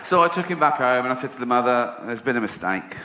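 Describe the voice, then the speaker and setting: A man's voice: mid-range voice, lively intonation, fast talker. A man doing a stand-up comedy set, telling stories in a sardonic, mock-indignant way. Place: theatre stage before a laughing audience. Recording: roomy hall with audience noise.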